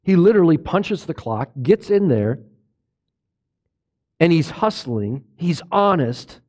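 A man preaching a sermon, asking the congregation questions and swinging between hushed low lines and loud exclamations. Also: very animated, takes it slowly. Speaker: pastor.

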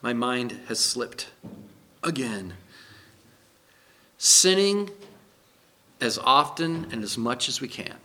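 A man's voice: medium pitch, sing-song, takes it slowly, pauses often, pushed and bright. A man preaching a sermon as pastor, emphatic, putting questions to the congregation.

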